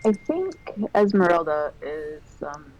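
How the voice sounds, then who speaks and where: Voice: mid-range voice, sing-song, takes it slowly, a little mellow, a little hiss or hum, poor audio. A player hesitantly describing a character's intentions in a tabletop game. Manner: hesitant, many fillers.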